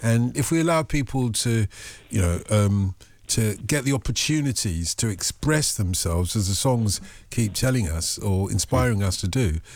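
Joking Liverpool radio host. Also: male voice, on the low side, expressive, moderate pace, hardly any pauses, darkish tone, no room sound. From Liverpool, England. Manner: jokey, playful, teasing. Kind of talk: casual radio chat.

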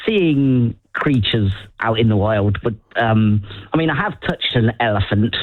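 A man's voice: mid-range voice, animated, unhurried, no echo, phone-quality sound. A man calling in to a radio show, chatting casually and hesitantly, often searching for his words. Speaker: caller. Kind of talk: casual chat.

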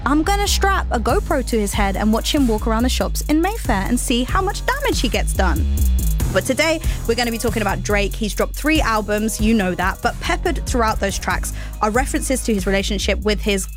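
A woman hosting a podcast in a casual, playful way, her pitch swooping up for emphasis. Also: very animated, a little fast, music in the background. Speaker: podcast host.

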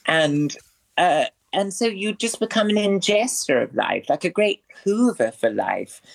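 A man's voice: sits high, big pitch swings, unhurried, creaky. A man, a performer as a guest in a radio interview, speaking in a florid, theatrical way with elaborate vocabulary. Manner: florid, theatrical speech full of ornate words.

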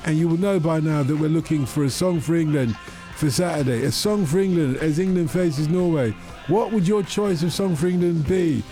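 High-voiced jokey radio host man. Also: warm tone, faint music behind. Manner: jokey, upbeat banter with quick asides. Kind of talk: live radio presenting.

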